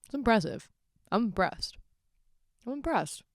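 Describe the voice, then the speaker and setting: A woman's voice: fairly high pitch, very animated, a little slow, no echo, studio quality. A tipsy young woman hosting a casual solo podcast, rambling, sardonic and giggly. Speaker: podcast host.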